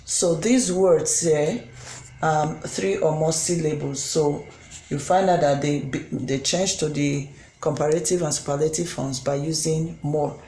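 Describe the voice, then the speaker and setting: Slow, deliberate tutor in an echoey room. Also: mid-range voice, fairly even intonation, mellow. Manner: slow and deliberate, spells out letters, frequent ums. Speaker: English tutor. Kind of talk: recorded grammar lesson. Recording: roomy echo with faint background hum.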